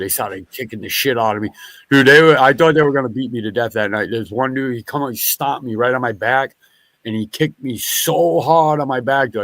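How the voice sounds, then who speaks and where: A man tells a wandering story in a casual chat, swearing freely and stopping to restart his sentences. His voice sits at a medium pitch, and the recording is dry and close to the mic. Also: no echo. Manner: rambling, profane, animated storytelling; restarts and backtracks often.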